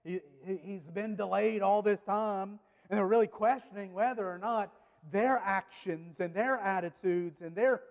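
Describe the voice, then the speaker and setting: Pastor, male, high voice, chatty sermon delivery, lots of restarts, live church reverb. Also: moderate pace. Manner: conversational, repeats words and restarts, speaks directly to the congregation. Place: church sanctuary.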